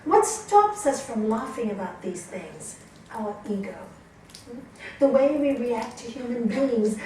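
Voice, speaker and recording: A woman yoga teacher giving a class talk, animated and teasing as she tells stories to her students. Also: sits high, a little slow. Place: yoga class room, indoors. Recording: echoey hall, voice from far off.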